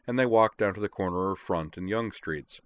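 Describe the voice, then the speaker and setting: A man reading a story aloud as narrator, with steady, even delivery. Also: low voice, moderate pace, dry recording.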